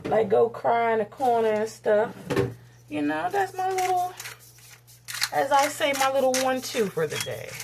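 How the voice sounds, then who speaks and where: A woman's voice: sing-song, moderate pace, creaky, noisy background. A woman from the United States, giving a candid, blunt and profane rant to her camera while cooking. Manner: blunt, profane and heated, with sudden rises in pitch. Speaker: vlogger.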